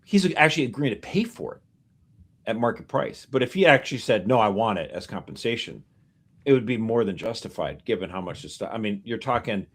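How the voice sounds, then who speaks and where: Low-voiced man explaining news casually. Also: brisk, breathy edge. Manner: animated explainer, piling up figures and asides. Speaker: podcast co-host.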